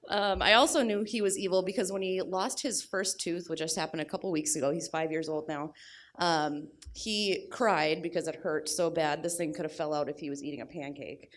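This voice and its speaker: A young adult woman telling a personal story at a live storytelling event, blunt and crude with deadpan humor. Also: on the low side.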